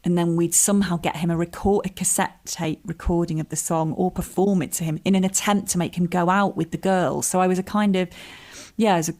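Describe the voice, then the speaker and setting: A woman's voice: fairly low pitch, steady tone, brisk, a little mellow. A woman, a comedian and writer chatting as a podcast guest, telling stories in a self-deprecating way with laughs. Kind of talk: relaxed interview chat.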